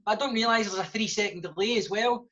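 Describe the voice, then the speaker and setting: A man's voice: sits high, fast, pushed and bright. Scottish man explaining passionately, lo-fi. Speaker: guest author. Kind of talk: live podcast discussion. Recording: dull lo-fi sound.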